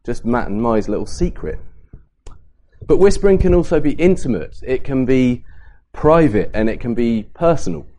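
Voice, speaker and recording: A man giving a Bible talk at a camp, lively and varying his pace and emphasis to make points. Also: medium pitch, normal speed. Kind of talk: sermon to a youth camp.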